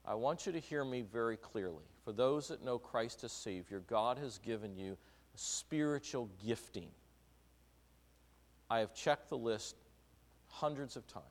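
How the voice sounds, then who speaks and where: A man's voice: medium pitch, animated, a little slow. A middle-aged man preaching a sermon, talking conversationally, asking the congregation questions and acting out little quotes. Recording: long hall reverb.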